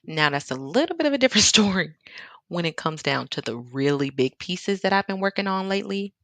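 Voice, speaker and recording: Very animated and fairly quick, her low-leaning voice has a slightly bright edge in a dry recording. She's an artist livestream host from the American Midwest with a Chicago accent, working from her home studio in Seattle. She chats casually, reads viewers' comments about the painting, and laughs frequently.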